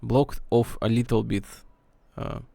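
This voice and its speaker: A man's voice: mid-range voice, fairly even intonation, measured pace, gravelly, dark tone, no echo. A man streaming from home, thinking aloud as he checks how his microphone sounds at different distances. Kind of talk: casual mic-check rambling. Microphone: desk mic, moving nearer and farther.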